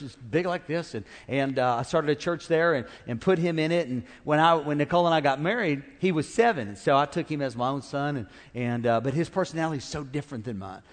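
A middle-aged man preaching a sermon as pastor, animated and calling out to his congregation. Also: on the high side, brisk, few pauses. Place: large church auditorium. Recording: reverberant church hall.

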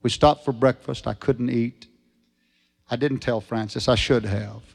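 Gravelly preacher man. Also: mid-range voice, steady tone, a little slow. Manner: folksy, rising to shouted fervor at climaxes. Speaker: evangelist preacher. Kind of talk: revival sermon with storytelling.

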